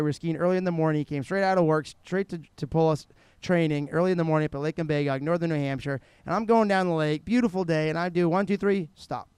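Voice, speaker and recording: A man doing live play-by-play commentary, excitable and chatty, telling stories between runs and shouting on big tricks. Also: on the high side, smooth, no echo. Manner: chatty storyteller. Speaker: sports commentator.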